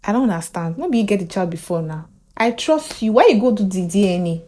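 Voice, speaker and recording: A Nigerian woman voicing a calm wife who speaks softly and reassuringly. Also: mid-range voice, quick pace, natural voice. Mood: soothing. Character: calm, soothing young wife.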